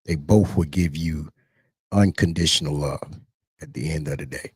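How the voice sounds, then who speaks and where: A man's voice: extremely low pitch, normal speed, a little mellow, breathy edge, no room sound, clean studio sound. A middle-aged man rambling casually as a livestream host, often repeating himself.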